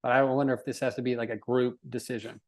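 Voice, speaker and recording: A man's voice: medium pitch, level tone, quick pace. A man co-hosting a podcast, chatting casually, joking, laughing and swearing freely. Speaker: podcast co-host.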